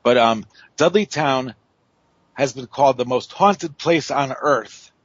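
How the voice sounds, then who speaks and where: A man's voice: mid-range voice, takes it slowly, lo-fi sound. A man telling a story on a radio show, rambling with many fillers and restarts. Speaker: paranormal investigator guest.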